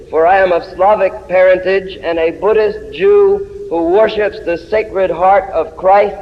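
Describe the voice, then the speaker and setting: A man with a high voice reads his poem as a chant, circling back to the same refrain with incantatory insistence. The recording is dull and lo-fi. A long hall reverb trails behind his words. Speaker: poet. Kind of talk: poetry reading.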